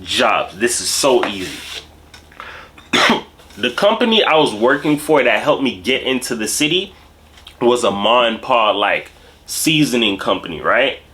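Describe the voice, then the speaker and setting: Jamaican-born guy telling a story, slangy and animated, bright, bouncy voice. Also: medium pitch, unhurried. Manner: slangy, animated, streetwise talk. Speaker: host. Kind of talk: casual storytelling monologue.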